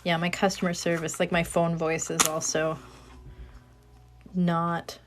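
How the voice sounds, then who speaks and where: A woman in her thirties with a soothing voice, chatting casually and rambling softly while she crafts at home, speaking into a phone. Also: on the low side, little pitch movement, a little slow, music in the background. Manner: chatty, rambling, soft-spoken. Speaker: craft livestreamer.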